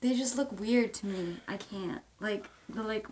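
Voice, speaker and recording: A woman's voice: mid-range voice, unhurried, a little mellow, slight background noise. A woman chatting casually on a podcast, giggly and blunt. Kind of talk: casual chat.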